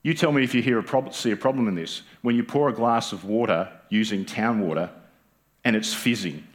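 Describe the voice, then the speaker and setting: A man's voice: mid-range voice, a little fast. An Australian man preaching a sermon as pastor, conversational and joking with the congregation, often asking them rhetorical questions. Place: church.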